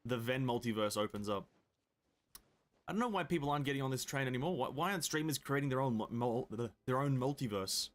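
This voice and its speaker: A man's voice: mid-range voice, animated, a little fast. Young guy, game streamer, loose rambling jokey chat, mid-range voice. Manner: rambling, joking, reads chat aloud. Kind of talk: casual live-stream chat.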